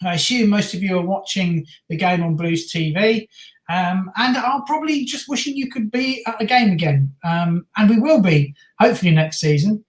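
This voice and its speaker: With a high-pitched voice at normal speed, a Birmingham-accented man reads out viewer messages and chats on a casual live football watch-along he co-hosts. The audio has a roomy echo.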